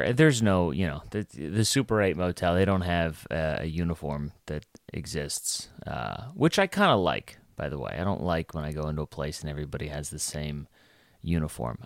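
A man's voice: low-pitched, dry recording, clean studio sound. A young adult man, a stand-up comedian, telling a casual rambling story with lots of fillers and restarts.

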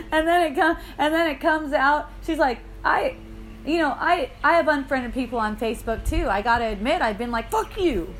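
A woman's voice: sits high, slight background noise. A woman leading an in-person spiritual dialogue, telling light anecdotes with frequent laughter and quoted voices. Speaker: spiritual teacher. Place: indoor gathering room.

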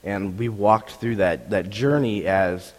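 Young male pastor, sore-throat hoarseness, lively storytelling sermon, long hall echo. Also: fairly low pitch, slow. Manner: animated storytelling, acts out crowd reactions. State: voice roughened by strep throat. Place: church hall.

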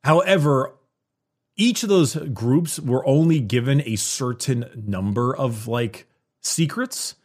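A man's voice: medium pitch, slow. A man explaining game lore at length in a casual podcast conversation, with frequent restarts.

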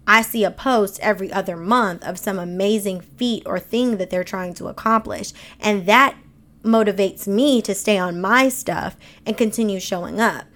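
A woman's voice: mid-range voice, moderate pace, fairly bright tone. A woman hosting a motivational podcast, speaking emphatically in African American Vernacular English with casual slang. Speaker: podcast host. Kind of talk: motivational monologue.

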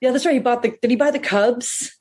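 Breathy woman telling lively stories. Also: fast. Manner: animated, acts out quotes in high voices, laughs often. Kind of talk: casual storytelling chat.

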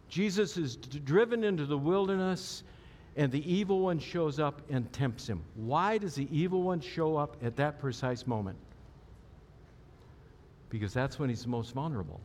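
A man preaching a sermon as pastor, conversational and often asking the audience questions. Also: fairly high pitch. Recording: long hall reverb.

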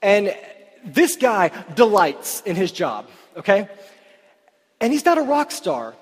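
Animated high-voiced preacher in a reverberant hall. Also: male voice, slow, slightly rough. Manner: animated, chatty, lots of "like" fillers. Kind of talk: sermon storytelling.

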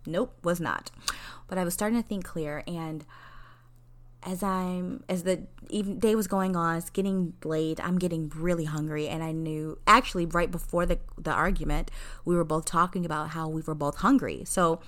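A woman's voice: on the low side, moderate pace. A woman in her forties, a counselor, candidly telling a personal story in a conversational way, laughing at herself. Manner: candid and conversational, laughing at herself, quoting people in lively voices.

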